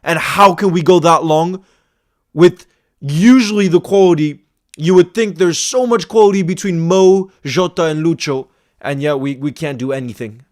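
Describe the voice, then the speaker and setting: Man, fan channel host, live match reaction, exasperated rant, repetitive, stammering, slightly high voice. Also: normal speed. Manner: exasperated, swings from loud outbursts to low muttering; repeats himself, stammering restarts.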